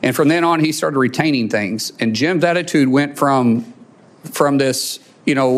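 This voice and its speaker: A middle-aged man, a father, telling a personal story in a heartfelt, halting way, choked up with emotion and restarting his sentences. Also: medium pitch. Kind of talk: personal testimonial.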